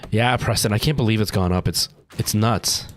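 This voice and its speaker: Here a man on the low side gives live gameplay commentary against slight background noise. Stress makes him anxious and jumpy; he talks to himself and now and then drops to a nervous whisper.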